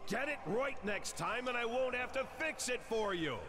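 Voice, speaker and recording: A man's voice: extremely high pitch, animated, normal speed. An actor playing a cold, critical father who scolds harshly, in a video game. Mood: scolding. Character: stern demanding father, middle-aged man, cold and critical. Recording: clear game music underneath. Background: game music.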